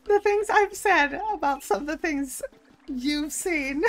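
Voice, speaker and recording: Playful woman streamer, high voice, swears freely, casual gameplay chat. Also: takes it slowly. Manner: playful, swears, laughs often.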